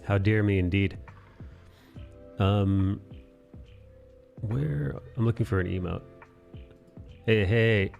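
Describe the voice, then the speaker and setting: Low-voiced, profane streamer chatting casually. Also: male voice, steady tone, takes it slowly, creaky, long pauses, a little mellow, dull audio, soft background music. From New York City. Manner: profane, joking, chatty with viewers. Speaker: livestream host. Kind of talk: casual chat while drawing.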